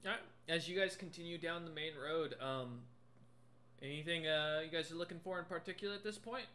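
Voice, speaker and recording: A man's voice: on the high side, fairly quick, sharp tone. A man running a tabletop game as game master, narrating casually with many fillers and restarts. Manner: casual, filler-heavy, rambling.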